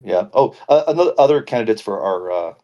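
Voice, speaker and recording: A man's voice: on the low side, lively intonation, fast talker, warm tone, lo-fi sound. A man co-hosting a casual podcast chat, joking and rambling, laughing often. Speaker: podcast co-host.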